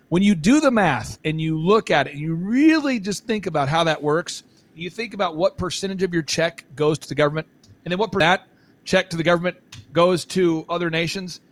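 A man talking as a podcast guest, rambling and joking with emphatic restarts. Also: fairly high pitch. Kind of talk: excited podcast interview talk.

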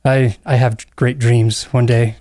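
A man hosting a podcast in casual chat, chatty, laughing easily and throwing in quick asides. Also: mid-range voice, flat delivery, mellow, no echo. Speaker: podcast host.

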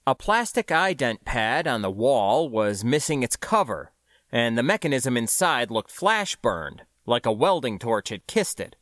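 A man narrating a science fiction audiobook in the first person, with an expressive storytelling delivery. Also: medium pitch, a little slow, no room sound, clean studio sound.

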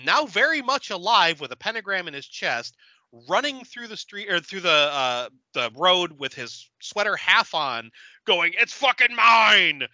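Animated, bright-voiced podcast host guy. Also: on the high side, no echo, lo-fi sound. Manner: animated retelling with profanity, acting out lines. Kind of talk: casual podcast recap.

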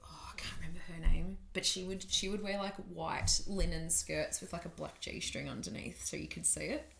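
A woman's voice: lowish voice, steady tone, moderate pace, creaky, a crowd in the background. A young Australian woman co-hosting a podcast, telling stories in loose casual chat full of "like" and laughter. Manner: chatty storytelling, heavy use of "like", laughs often. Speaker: podcast co-host.

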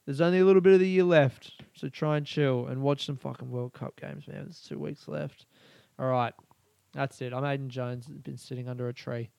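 A man's voice: mid-range voice, steady tone, normal speed, creaky, a little mellow, clean tone, dry recording. A young adult man with an Australian accent, a comedian hosting his own podcast, talking in a sweary, rambling way and acting out stories. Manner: sweary, rambling, acts out stories in raised voices. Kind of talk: solo casual podcast monologue.

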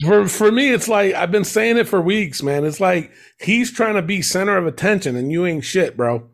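A man, talking in a loose, rambling way and breaking into laughter as he hosts. His voice sits a bit higher than most men's. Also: animated, normal speed. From New York. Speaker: podcast host. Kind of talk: casual chat.

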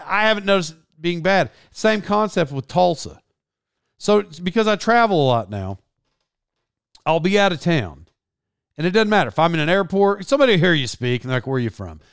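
Rambling Oklahoma man, gravelly voice. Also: a little high, no echo, clean studio sound. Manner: rambling, self-correcting, laughs often. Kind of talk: casual storytelling chat.

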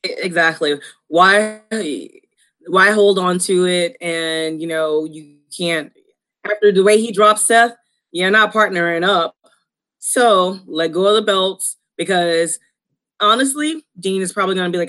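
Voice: medium pitch, a little slow, sharp tone. A co-host of a casual talk show giving confident, opinionated predictions. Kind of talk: casual chat.

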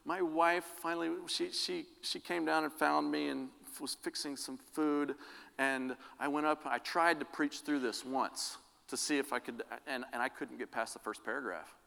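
A man's voice: a little high, steady tone, normal speed, gravelly, bright, forceful tone. A man preaching a sermon, telling personal stories earnestly and often restarting his sentences. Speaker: pastor. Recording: long reverb of a large hall.

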